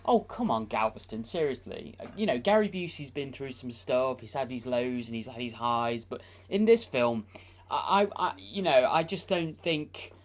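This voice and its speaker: A woman's voice: very deep voice, expressive, normal speed. A woman from the United Kingdom co-hosting a film review with sarcastic, mocking commentary. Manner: dry, mocking asides, frequent laughs.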